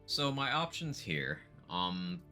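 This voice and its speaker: Deep-voiced man thinking aloud over gameplay. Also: big pitch swings, slow pace, pushed and bright, faint music behind. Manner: thinks aloud, mumbling asides. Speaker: streamer. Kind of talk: casual gameplay commentary.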